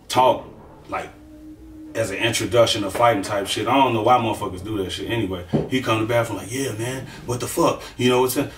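A man tells a story casually, swearing freely and punching up the action with his own sound effects. His voice sits at a middle pitch. He is heard from a distance in a room with noticeable echo. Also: a little hiss or hum. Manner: profane, emphatic, animated with sound effects. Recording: echoey room, far from the mic.

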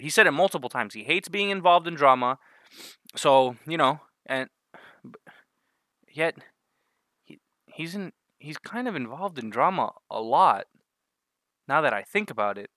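A man's voice: medium pitch, sharp tone, dry recording, clean studio sound. A man vlogging a crude, sarcastic comedic rant, often breaking into laughter at his own jokes.

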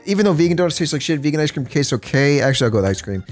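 A giggly man chats loosely on a livestream while high, cursing freely. His voice sits a little high and swings widely up and down. Soft music plays faintly behind him. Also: rapid-fire. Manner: animated, giggly, swears a lot. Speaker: streamer. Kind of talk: casual livestream chat.

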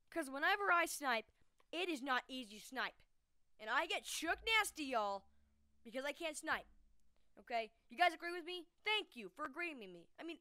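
Excitable high-voiced woman playing games. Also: dry recording, studio quality. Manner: excitable and chatty, jumping from yelps to low mutters. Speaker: gamer hosting her own channel. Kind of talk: casual gameplay commentary.

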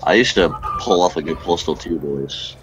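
A man playing a co-op shooter, loud and excitable, yelling and swearing as he plays. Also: low voice, moderate pace, highs cut off, background noise. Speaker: gamer. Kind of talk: casual co-op game chat.

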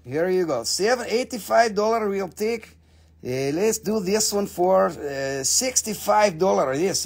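A man hosting a live crystal sale, joking crudely and playfully while pitching prices. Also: husky. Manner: crude, playful, prone to silly voices and jokes. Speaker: host selling crystals on a live stream.

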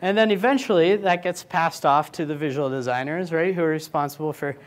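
A man giving a casual, joking conference keynote. He now and then acts out clients and coworkers in quick, higher voices. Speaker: keynote speaker. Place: conference stage.

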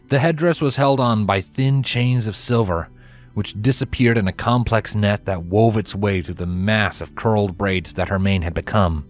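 A man with a fairly low voice narrates a fanfiction story in a steady, even storytelling manner. Soft background music plays faintly under the reading. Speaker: fanfiction reader. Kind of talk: scripted narration.

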